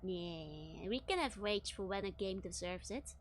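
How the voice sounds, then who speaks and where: A woman's voice: mid-range voice, lively intonation, unhurried, slight background noise. A woman streamer giving casual, chatty let's-play commentary and reading chat aloud. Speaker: VTuber streamer.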